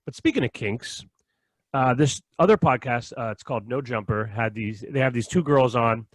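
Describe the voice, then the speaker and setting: A man's voice: mid-range voice, normal speed, no echo. A man hosting a podcast, telling rambling stories in casual chat and acting out what others said, laughing often. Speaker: podcast host.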